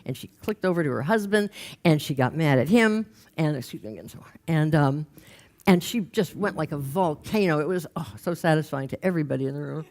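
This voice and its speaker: Low-voiced woman telling a lively story. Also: fairly quick. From Los Angeles, United States. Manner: lively storyteller, mimics the people she quotes. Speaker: workshop leader telling a story from her groups. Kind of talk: anecdotal storytelling talk.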